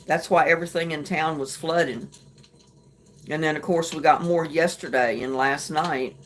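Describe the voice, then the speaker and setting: A middle-aged woman hosting a casual late-night livestream chat, greeting viewers and talking about her day in a homey way with soft laughs. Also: deep voice, fairly even intonation, normal speed, slight background noise. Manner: chatty, homey, laughs softly between remarks. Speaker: livestream host. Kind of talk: casual live chat reading comments.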